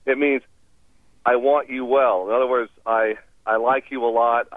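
A man's voice: mid-range voice, fairly even intonation, moderate pace, dry recording. A man guest explaining foreign phrases on a radio interview in an upbeat, teacherly way, laughing easily. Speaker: language expert guest. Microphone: phone call. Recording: tinny phone line.

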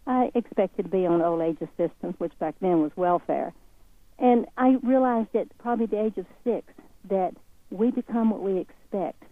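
A woman with a Southern accent, a guest speaking in an interview in a folksy, earnest, encouraging way. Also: mid-range voice. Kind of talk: motivational interview talk. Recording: tinny phone line.

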